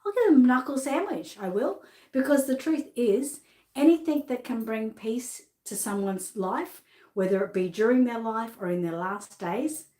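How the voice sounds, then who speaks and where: A slightly high but darkish-toned voice comes from a middle-aged Australian woman hosting a live doll sale. Chatty and bubbly, she keeps laughing at her own expense, and the recording carries a roomy echo.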